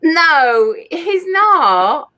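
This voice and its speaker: A woman's voice: high voice, very animated, sharp tone. A woman in a casual chat who teases the others and laughs easily. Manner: teasing, quick to laugh. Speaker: chat participant.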